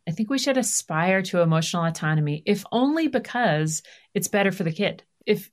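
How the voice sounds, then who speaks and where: A middle-aged woman, a guest author, telling family stories in an animated, confessional way full of asides and self-deprecating jokes. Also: on the low side. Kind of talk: candid conversational storytelling.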